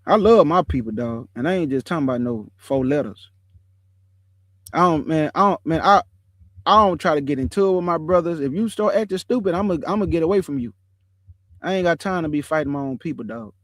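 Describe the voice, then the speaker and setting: A man hosting an online show, chatting casually about scripture in relaxed slang and calling his viewers family. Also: on the high side, fairly quick, dry recording. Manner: laughs often while telling stories. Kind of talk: casual livestream chat on scripture.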